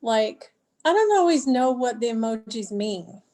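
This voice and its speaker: A woman with a fairly high voice chimes in during a group discussion. She talks in a loose, chatty way and pokes fun at herself as a mother. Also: very animated, measured pace, dark tone. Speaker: class participant.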